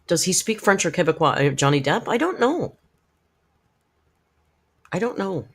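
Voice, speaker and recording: Lively, frank, swearing middle-aged woman. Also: lowish voice, normal speed, a little hiss or hum. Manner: frank, profane, chatty, talks straight to viewers in the chat. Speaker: live-stream host reacting to videos. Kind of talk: casual live-stream commentary.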